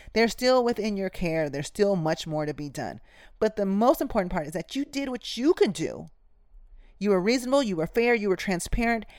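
A woman's voice: mid-range voice, dry recording, studio quality. A woman nurse telling a workplace story and giving advice, speaking candidly and emphatically in a conversational way with slang.

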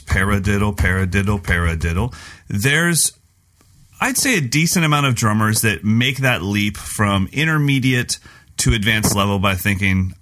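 A man's voice: fairly low pitch, a bit bright. A middle-aged man co-hosting a podcast, joking around and scatting drum patterns aloud. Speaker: podcast co-host. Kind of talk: casual chat.

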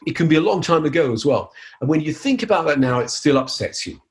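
A man's voice: a little high, big pitch swings, fast. A man, a hypnotist, leading a live teaching demonstration in an upbeat, playful way. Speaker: hypnotist giving a seminar.

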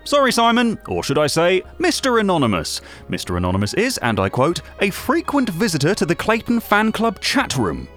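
A man's voice: high-pitched, wildly swooping pitch, moderate pace, a bit bright, soft background music, exaggerated voice. A man playing a gossipy vain British radio host. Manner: gossipy, rambling, self-regarding. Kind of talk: comedy radio monologue.

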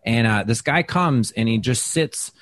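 A man who does stand-up, telling stories in a casual interview, chatty and self-deprecating, with lots of fillers and restarts, and he acts out quoted lines with big jumps in pitch. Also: animated, unhurried, fairly bright tone, slight background noise. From Wisconsin. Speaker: stand-up comedian, guest. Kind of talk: casual interview talk, storytelling.

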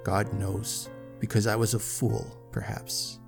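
A man reading the part of a gruff elderly nobleman, gloomy and hoarse, who murmurs his lines. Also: fairly low pitch, level tone, slow pace, over music. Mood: rueful.

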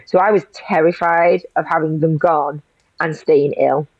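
A woman's voice: low-pitched, fairly even intonation, a little slow, dry recording. A woman, a guest in an interview, telling a personal story in an emotional rush full of restarts. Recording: dull lo-fi audio.

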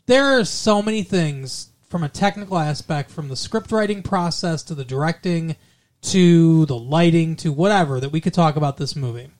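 A man co-hosting a casual movie review podcast, rambling and joking, slipping into quick impressions. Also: a little high, animated, a little mellow. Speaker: podcast co-host.

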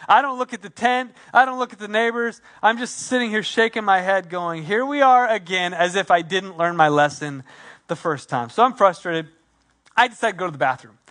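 A man with a high voice preaches, winding a personal anecdote into a sermon point. His tone is bright and forceful, and he talks animatedly, acting out his inner thoughts as he tells the story. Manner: animated storyteller, quick asides, acts out his own thoughts. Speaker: pastor.

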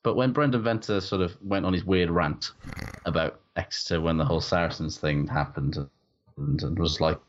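Deep-voiced ranting man. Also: steady tone, moderate pace. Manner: ranting, exasperated. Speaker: podcast co-host. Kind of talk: casual sweary podcast chat. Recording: dull lo-fi sound.

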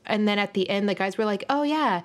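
A woman's voice: medium pitch, monotone, fast talker. A woman co-hosting a podcast, chatting casually and recapping with lots of filler words. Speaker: podcast co-host. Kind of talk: casual chat.

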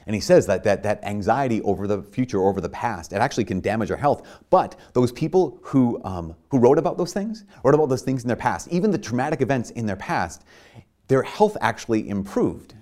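A man's voice: mid-range voice, very animated, a little fast, mellow. A man preaching a sermon in an earnest, conversational way, with many fillers and restarts.

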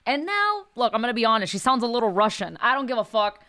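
A woman's voice: a little high, very animated, fast talker, sharp tone, clean tone, no room sound, clean studio sound. A woman sketch comedian talking candidly in a casual podcast conversation, blunt and swearing freely. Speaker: sketch comedian and character creator.

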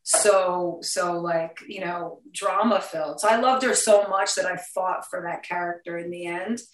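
A woman in her fifties with a New York accent, a guest talking in a casual interview, blunt, profane and quick to laugh. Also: lowish voice. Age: 50s. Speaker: actress guest. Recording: roomy sound, distant from the mic.

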